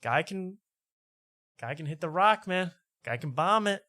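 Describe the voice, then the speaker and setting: A man's voice: high voice, expressive, measured pace, pushed and bright, dry recording, studio quality. A man hosting a podcast, chatting casually and joking while reacting to old clips. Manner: loose, joking commentary. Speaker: podcast host.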